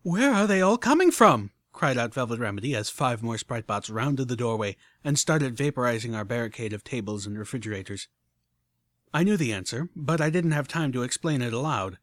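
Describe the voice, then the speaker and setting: A man narrating a story in the first person with expressive, animated delivery. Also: medium pitch, fairly quick, dry recording. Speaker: audiobook narrator.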